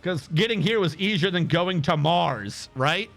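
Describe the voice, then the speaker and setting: A man streaming a video game, reacting with sarcastic, excitable commentary and frequent swearing. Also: high voice, measured pace, vocal fry, faint music behind. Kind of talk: let's-play commentary.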